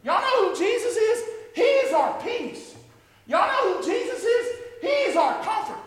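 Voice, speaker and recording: Man, preacher, very high voice, fervent sermon, echoey church hall, long reverb. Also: big pitch swings, unhurried. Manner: impassioned, building to shouted exclamations. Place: church sanctuary with a congregation.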